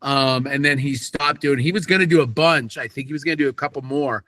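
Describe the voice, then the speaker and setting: A man guesting on an interview podcast, telling animated stories about his acting work and acting out the quotes. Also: mid-range voice, brisk, no echo. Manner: animated anecdotes with acted-out quotes. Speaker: voice actor guest. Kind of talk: casual interview storytelling.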